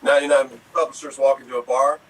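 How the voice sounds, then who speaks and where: A man telling improvised jokes in a soft, drawn-out way. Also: mid-range voice, flat delivery. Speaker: improv player. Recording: distant mic, faint room noise.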